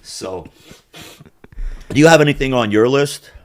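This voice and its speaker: A male podcast host chats crudely and casually, telling animated stories with big pitch swings, lots of swearing and frequent laughter. He speaks unhurriedly, and the studio sound is clean with no echo.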